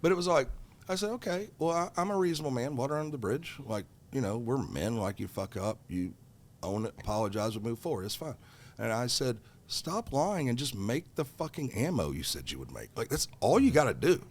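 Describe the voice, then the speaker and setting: A man's voice: medium pitch, normal speed. A middle-aged man telling a story as a podcast guest, swearing freely and heated as he talks. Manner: profane, heated, animated. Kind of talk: casual storytelling.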